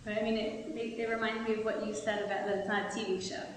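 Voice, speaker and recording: A fairly high-voiced woman gives an earnest community talk, walking listeners through examples and stories. She is picked up from far off in a big hall with a long, ringing echo and steady background noise. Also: quick pace. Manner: earnest, explains with stories and examples, occasional restarts. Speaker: speaker on retirement transitions. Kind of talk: community talk with audience questions. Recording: echoey hall, distant mic, background noise.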